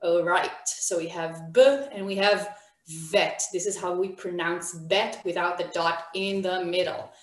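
Female teacher, slow deliberate delivery, echoey room, upbeat encouragement. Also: on the low side, little pitch movement, a bit bright. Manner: encouraging, questions students by name. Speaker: Hebrew teacher. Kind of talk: online beginner language class.

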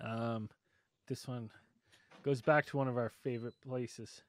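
A man's voice: mid-range voice, steady tone, unhurried, no echo. A young man hosting a podcast, joking and teasing his co-hosts in casual banter. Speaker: podcast host.

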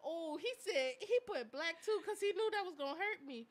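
High, lively woman with a bright voice. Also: moderate pace. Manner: animated, laughing, dramatic storytelling. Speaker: co-host. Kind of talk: casual chat on live radio.

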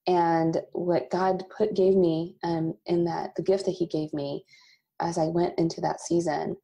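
Husky-low woman telling a candid personal story. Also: a little slow, dull audio. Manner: emotional, laughs often, quotes God in animated asides. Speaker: podcast guest, coffee company founder.

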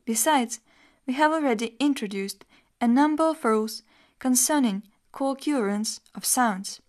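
A woman's voice: on the high side, measured pace. Woman teacher narrating a scripted lesson. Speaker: language teacher.

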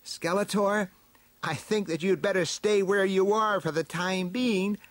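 A man voicing a brave, caring young warrior woman in a high falsetto for a storybook reading. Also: steady tone, a little slow, dry recording. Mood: gentle.

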